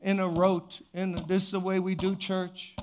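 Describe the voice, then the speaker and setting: An older man preaching a sermon with a slightly high voice. He tells his story with lively energy and later slows into hushed prayer. He is speaking in a church. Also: slight background noise. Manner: animated storyteller, builds to loud excitement then drops to quiet prayer. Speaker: pastor.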